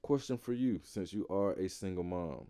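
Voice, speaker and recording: A man in casual conversation, co-hosting a talk show, lively and swearing freely as he acts out quotes. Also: sits low, moderate pace. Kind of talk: casual chat.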